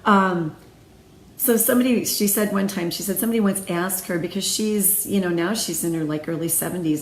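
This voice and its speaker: A woman's voice: lowish voice, slight background noise. A woman hosting a faith-based video series, talking casually with many fillers and restarts. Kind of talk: casual spoken devotional talk. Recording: echoey room, faint ambience.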